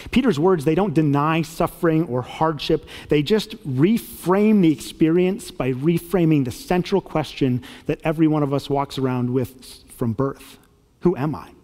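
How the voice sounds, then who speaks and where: A man preaching as a pastor, earnest and warm, moving from reading scripture into storytelling. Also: fairly high pitch, big-room sound. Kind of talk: sermon.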